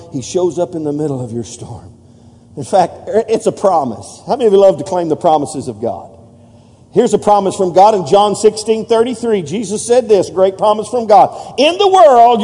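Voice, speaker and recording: A man's voice: high-pitched, mellow, husky. A man preaching a sermon, leading the congregation in call-and-response and building to emphatic peaks. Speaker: pastor. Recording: long hall reverb.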